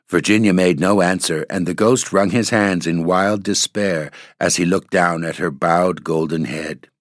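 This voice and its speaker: A man narrating a classic storybook in a steady, measured way. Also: sits low, dry recording, clean studio sound. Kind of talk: storybook reading.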